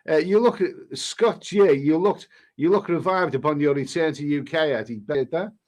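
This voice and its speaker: A man, a travel vlogger, casually reading viewer comments aloud and answering them in a halting way with many restarts. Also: fairly high pitch, a little mellow. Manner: halting, frequent restarts, reads comments aloud then replies. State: coughing now and then. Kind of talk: casual live-stream chat.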